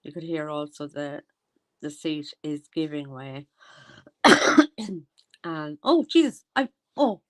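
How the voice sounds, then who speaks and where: Chatty Irish woman with a lowish voice. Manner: chatty, rambling, loses her train of thought. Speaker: commentary vlogger. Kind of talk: casual rambling commentary.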